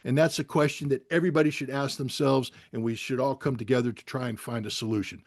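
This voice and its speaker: A man in a foul mood delivers a fiery, profane appeal over a video call, his voice climbing toward a shout when he presses a point. The sound is close and dry, with no room around it. His pitch sits in an ordinary middle range for a man. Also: steady tone, quick pace, no echo. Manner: angry, blunt and profane, rising to near-shouting. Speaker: guest speaker on a video call. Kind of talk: impassioned speech.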